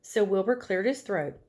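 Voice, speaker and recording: A woman teacher reading a chapter book aloud to her class, gently stopping to ask the children questions. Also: mid-range voice.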